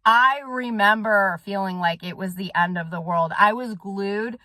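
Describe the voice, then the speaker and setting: A woman's voice: medium pitch, unhurried, bright, forceful tone, no room sound. A woman talking straight to her viewers in a casual monologue, intense and rambling, with frequent swearing. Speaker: soul coach and vlogger. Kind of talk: casual direct-to-camera monologue.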